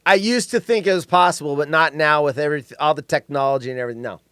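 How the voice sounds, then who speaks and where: Man, high voice, animated storyteller, casual podcast co-host, dry close sound. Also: quick pace, clean tone, no echo. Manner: animated storyteller, reads chat aloud. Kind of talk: casual live-stream chat.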